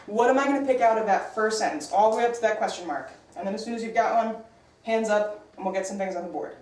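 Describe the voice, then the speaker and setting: A woman teaching an English class, brisk and upbeat as she quizzes her students. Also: medium pitch, darkish tone. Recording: echoey classroom from far off.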